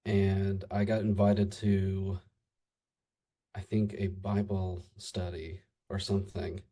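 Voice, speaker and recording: A man in his thirties from the United States talks as a guest on a conversational podcast. His voice sits fairly low and has a mellow, dark tone. He talks in a halting way, stopping often for fillers and restarts as he recalls things. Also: level tone. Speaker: interview guest. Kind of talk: casual conversation.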